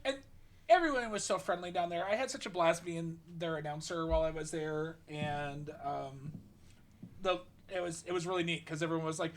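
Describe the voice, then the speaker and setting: Chatty woman game master, halting. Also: deep voice, a little hiss or hum. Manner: chatty, laughs often, halting with many fillers. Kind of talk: casual chat and game narration.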